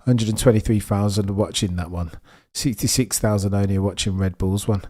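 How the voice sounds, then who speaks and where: A young man with a Birmingham accent and a low voice, talking over a motor race as it happens. He chats casually and excitably, reacting to the action and answering his viewers. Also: moderate pace. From England. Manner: chatty, excitable, reads and answers viewer messages. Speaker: livestream host. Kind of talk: casual live race commentary.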